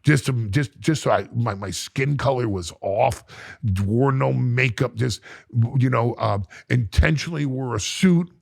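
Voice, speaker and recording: A man's voice: mid-range voice, unhurried, creaky, dry recording, clean studio sound. A middle-aged man, a podcast guest, telling a story dramatically, repeating words and restarting as he acts out what people said. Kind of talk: animated storytelling in an interview. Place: podcast studio.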